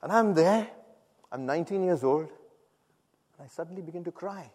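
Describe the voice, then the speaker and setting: A man telling his personal testimony to a congregation, animated, acting out the people he quotes and laughing at himself. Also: on the high side, moderate pace, breathy edge. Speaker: speaker giving a personal testimony. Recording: long hall reverb.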